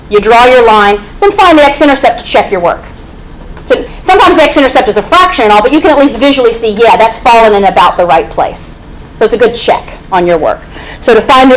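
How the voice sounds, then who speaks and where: A woman's voice: medium pitch, slight background noise, rough recording. A woman teaching a math class, explaining step by step and often checking in with "okay?". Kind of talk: classroom lecture.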